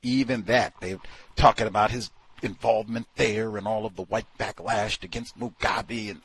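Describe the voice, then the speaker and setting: A man casually talking through a book he is reading, animated and full of rhetorical questions. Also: fairly low pitch, normal speed, vocal fry, slightly rough. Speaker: book commentator. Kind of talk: casual spoken book review.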